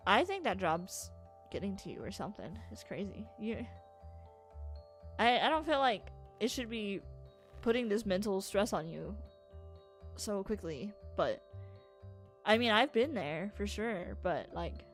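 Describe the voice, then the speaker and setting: A young woman streams a video game in loose, chatty commentary, cursing freely and breaking into laughter often. Her voice sits at an ordinary middle pitch. Soft game music plays faintly underneath. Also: very animated, measured pace, long pauses. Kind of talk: casual gameplay commentary.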